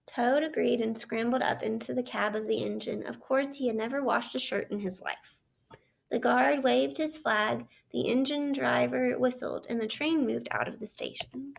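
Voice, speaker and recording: High, gravelly-voiced woman teacher reading aloud. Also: steady tone. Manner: measured storytelling, asks the listener questions. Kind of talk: read-aloud lesson narration.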